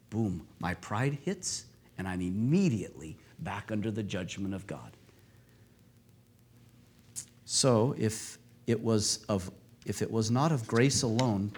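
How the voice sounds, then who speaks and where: A man preaching a sermon, stressing key phrases by repeating them and swinging between loud passages and quiet ones. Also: mid-range voice, slightly rough.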